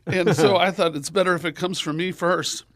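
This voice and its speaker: A man's voice: moderate pace, dry recording, studio quality. A man telling a comic story as a guest on a talk radio show, acting out the people in it. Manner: animated, acts out his characters in high voices. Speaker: comedian guest.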